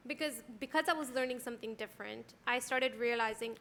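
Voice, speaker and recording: A young woman co-hosting a podcast, chatting casually with plenty of "like" and quick agreement. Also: a little high, a bit bright, a little hiss or hum. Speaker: podcast co-host.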